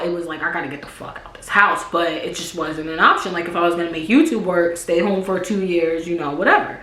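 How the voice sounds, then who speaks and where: A young woman telling a storytime vlog in a casual, profane way, acting out loud quotes. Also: lowish voice. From Pennsylvania, USA. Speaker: YouTuber. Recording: echoey room.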